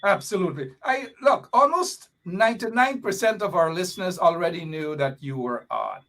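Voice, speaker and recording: A man hosting a live political talk show, chatty and animated with laughing asides. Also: high-pitched, moderate pace. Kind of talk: casual live-show chat.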